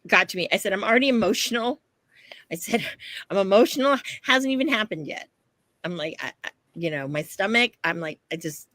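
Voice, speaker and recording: A woman co-hosting a podcast, telling a story in a lively way, acting out what she and others said, and swearing freely. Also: fairly low pitch, no room sound. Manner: animated storytelling, acts out quotes, swears freely. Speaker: podcast co-host. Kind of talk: casual chat.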